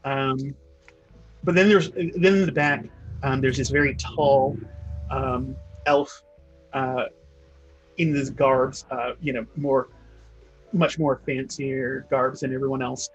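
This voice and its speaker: A man's voice: medium pitch, fairly even intonation, slow pace, long pauses, dull audio, soft background music. A man narrating as game master of a tabletop game, loose and full of fillers.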